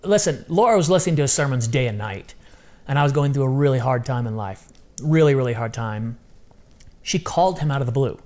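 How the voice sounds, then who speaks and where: A middle-aged man talking as a podcast guest in casual interview chat, animated and repeating phrases for emphasis. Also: mid-range voice, a little fast. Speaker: podcast guest, ministry founder.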